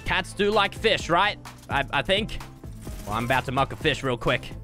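A young man giving jokey, excitable gameplay commentary with sudden yelps. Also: medium pitch, moderate pace, faint music behind. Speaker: gaming YouTuber.

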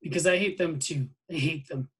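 A man reading a novel aloud, voicing a sad young boy with quiet, sorrowful replies. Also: a little high, normal speed, slightly rough. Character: sad, thin young boy behind a fence.

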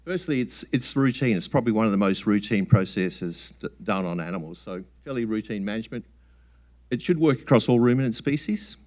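A man giving a relaxed, plain-spoken scientific talk at a summit, with frequent ums and restarts. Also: on the low side, fairly quick. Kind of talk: conference talk with slides.

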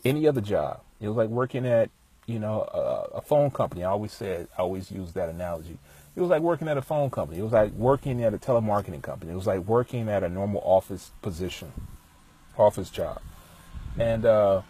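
A man talking outdoors in a relaxed, rambling way, passing on music industry advice full of fillers. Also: lowish voice, brisk, breathy edge. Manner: laid-back, rambling, many fillers. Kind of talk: casual storytelling monologue. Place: outdoors, with bees around.

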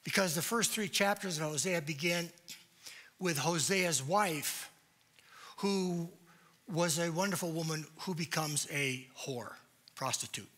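Slow, bright-voiced male lecturer. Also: on the high side. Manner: deliberate, emphatic, asks rhetorical questions. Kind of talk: church lecture.

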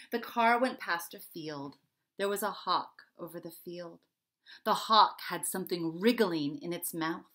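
A woman reading her children's storybook aloud, narrating gently and asking young listeners questions. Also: on the low side, measured pace. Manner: gentle, lively teacherly narration with questions to kids. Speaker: author reading her book.

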